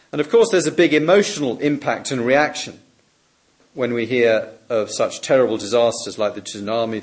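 A man delivers a sermon in a medium-pitched voice, measured and emphatic. His voice rises on questions and drops softly on key words.

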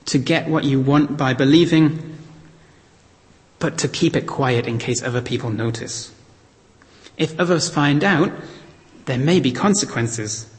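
A man preaching an earnest, reflective sermon, reading scripture aloud and slowing down to stress key points. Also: mid-range voice, long reverb tail.

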